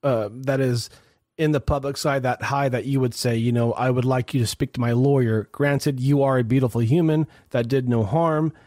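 A man co-hosting a podcast, asking questions in a casual, halting way with frequent restarts. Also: medium pitch, steady tone, darkish tone, no echo, clean studio sound. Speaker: podcast co-host. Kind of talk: casual interview chat.

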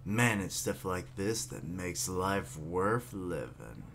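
A man voicing a detached young swordsman. His lines come out low and flat, in a slow deadpan. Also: creaky, a little hiss or hum, full character voice.

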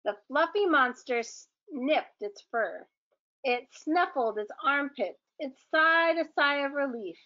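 Slow, high-voiced woman reading a storybook. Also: lo-fi sound. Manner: gentle, expressive storytelling. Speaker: children's story reader. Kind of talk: reading a children's book aloud.

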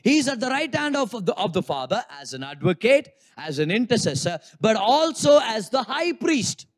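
Animated high-voiced male pastor preaching. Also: normal speed. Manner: animated, acts out congregants' inner thoughts with humor. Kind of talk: sermon.

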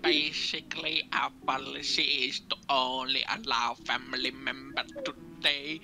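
A man's voice: medium pitch, expressive, unhurried, gravelly, sharp tone, faint music behind, voice pushed down, exaggerated voice. A man voicing a smug male cult villager, with a put-on sing-song fake accent.

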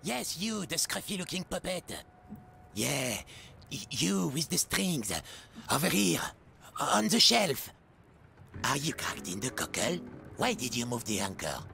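A man voicing a grumpy gravelly hermit crab. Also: on the high side, very animated, a little slow, pushed and bright, exaggerated voice. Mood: indignant. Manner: huffy, scolding, rhyming quips. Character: fussy, rude, timid hermit crab. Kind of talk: video game voice acting.

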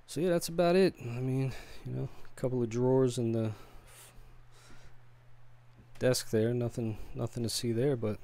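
A man giving a casual, unhurried tour of his home office library, talking with frequent ums and pauses. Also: mid-range voice, fairly even intonation, mellow. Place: home office lined with bookshelves.

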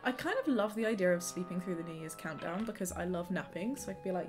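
A woman's voice: on the low side, animated, fast, few pauses. A young woman chatting bubbly and casual with viewers during a live gaming stream at home, greeting them by name. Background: game music.

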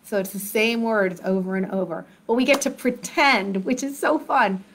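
A woman hosting a children's sing-along activity lesson, who talks slowly and encouragingly, straight to young children at home. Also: medium pitch, a little hiss or hum. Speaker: children's program host.

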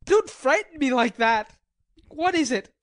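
A woman's voice: on the high side, animated, unhurried, no echo. A woman reading a nervy, wry male Swiss soldier. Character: weary hungry male Swiss mercenary soldier. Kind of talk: audiobook drama reading.

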